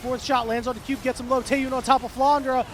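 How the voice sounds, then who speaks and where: A man doing play-by-play commentary as an esports caster, with fast, excitable calls that swing to shouting. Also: very high-pitched.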